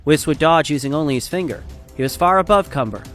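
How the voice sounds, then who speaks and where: A man narrating a fan story in a steady, dramatic storytelling style. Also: fairly high pitch, fast talker, soft background music.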